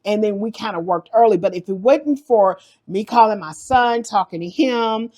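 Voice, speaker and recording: A middle-aged woman, host of a cooking channel, tells in a lively vlog how her account got hacked, acting out the panic. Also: medium pitch, moderate pace. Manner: animated, acts out the panic in her story. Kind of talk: storytelling vlog.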